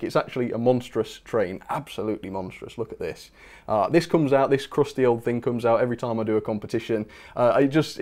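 A man's voice: medium pitch, darkish tone. A man hosting a live stream, chatting casually and reading out viewer messages with bursts of enthusiasm. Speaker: channel host.

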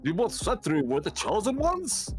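A formal alien envoy from a pixel role-playing game, voiced by a man, stiff and polite. The delivery rises and falls with lively pitch, and game music plays underneath. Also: moderate pace. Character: formal male alien delegate speaking through a translator. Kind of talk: voicing video game dialogue.

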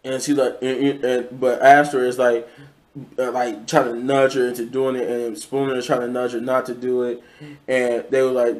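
A man's voice: mid-range voice, level tone, moderate pace, darkish tone. Rambling casual male reviewer. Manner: rambling, many fillers and restarts. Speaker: show reviewer.

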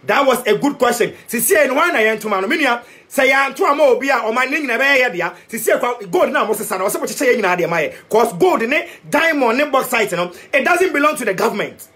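A man's voice: extremely high pitch, lively intonation, quick pace, few pauses, pushed and bright. A man from Ghana with a Ghanaian accent, delivering a fiery, preachy political rant that switches between Twi and English and repeats lines for emphasis. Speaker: youth activist vlogger.

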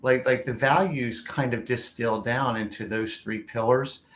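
A man's voice: medium pitch, fairly even intonation, a little slow, fairly bright tone, a little hiss or hum. Man, career show host, casual interviewer, chatty and anecdotal. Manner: chatty, tells anecdotes, hedges with "like" and "you know".

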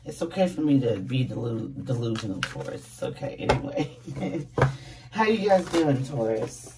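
A woman's voice: very deep voice, expressive, normal speed, distant mic, very noisy. A woman tarot reader chatting casually to her viewers in a groggy, just-woken voice, laughing often and calling them babies. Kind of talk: casual tarot reading to camera.

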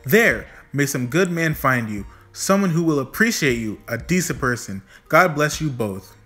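A man's voice: medium pitch, expressive, moderate pace, bright, forceful tone, faint music behind. A man reading a storybook aloud, voicing a fussy old man who frets and talks to himself. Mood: fretful. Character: fussy old man, fond of his hat.

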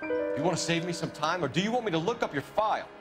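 An actor playing a brisk homicide detective in a video game, asking clipped questions. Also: male voice, on the high side, expressive, over music, close to an everyday voice. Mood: probing.

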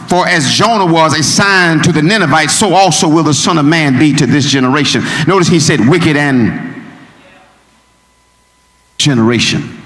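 A male pastor preaches in a slightly higher voice, building from steady teaching up to ringing, shouted points. His words carry through a roomy church with a long, lingering reverb. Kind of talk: sermon. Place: church sanctuary.

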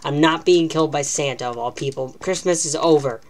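A woman's voice: low voice, brisk, a little mellow. A woman giving live, self-mocking commentary while playing a video game, talking to herself as she plays. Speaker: gaming channel host.

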